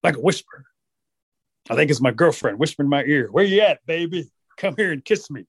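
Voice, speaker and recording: A man's voice: fairly high pitch, fairly quick, breathy edge, dry recording, studio quality. A man doing a blustering hot-tempered bear. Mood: doting. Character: big grumpy hot-tempered male bear.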